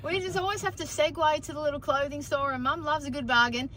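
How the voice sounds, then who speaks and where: Woman, Australian accent, slightly high pitch, enthusiastic chat, faint background noise. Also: fairly even intonation, fast, pushed and bright. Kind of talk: casual chat to camera.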